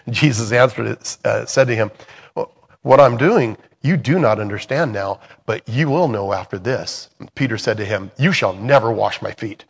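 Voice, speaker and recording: A man's voice: fairly low pitch, gravelly. Earnest man teaching scripture in a reverberant hall. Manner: earnest and conversational, with many restarts while reading. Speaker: Bible study teacher and songwriter. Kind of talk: Bible study teaching, reading scripture aloud.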